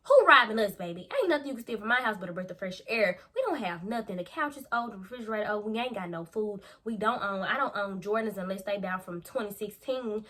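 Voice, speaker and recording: A young woman vlogger telling a storytime in a lively, slangy way, acting out quotes. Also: mid-range voice, fast talker, few pauses. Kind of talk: storytime vlog.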